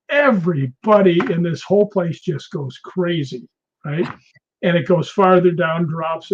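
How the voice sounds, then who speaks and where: Lively man telling stories, dull lo-fi sound. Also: on the high side. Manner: animated storyteller, laughs often. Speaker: guest, film actor. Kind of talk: casual interview anecdotes.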